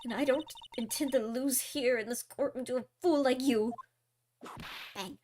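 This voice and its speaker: A woman's voice: high voice, moderate pace, darkish tone, a little hiss or hum, voice pushed up, lightly acted. A woman doing a haughty prosecutor. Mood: scornful. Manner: haughty and cutting. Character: cold, arrogant female prosecutor who never loses.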